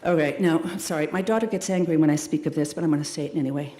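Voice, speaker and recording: A middle-aged woman giving a commencement speech. She talks to the graduates in a warm, emphatic way, calls them "loves" and "darlings", and throws in playful, dramatic asides. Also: deep voice, rapid-fire. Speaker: commencement speaker. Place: large hall at a school ceremony. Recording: echoey hall, long reverb.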